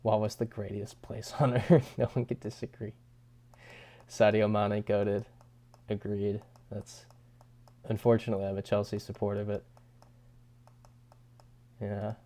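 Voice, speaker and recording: Here a young male streamer talks in a lowish, dark voice with a flat delivery, a measured pace and long pauses. He chats easily with his audience, reading their comments, chuckling a lot and restarting his lines.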